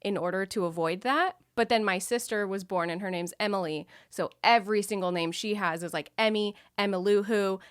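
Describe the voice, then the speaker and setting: A woman's voice: medium pitch, fairly quick, hardly any pauses, clean tone, no room sound, clean studio sound. A young woman chatting as a podcast guest, telling stories and laughing often. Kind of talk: casual chat.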